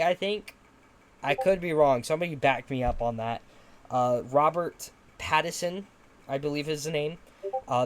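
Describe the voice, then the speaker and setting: A young man chatting casually as a podcast host. He rambles, leans on fillers, and drops in offhand swearing as he talks. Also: medium pitch.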